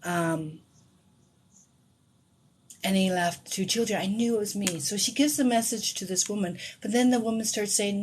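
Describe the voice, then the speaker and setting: A middle-aged woman who reads tarot cards tells her viewers a personal story. Her voice sits at a middling pitch and moves between near-whispers and bright, excited outbursts. A faint background hiss runs under her words. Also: unhurried. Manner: emotional, swings from hushed whispers to excited outbursts. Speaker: tarot card reader.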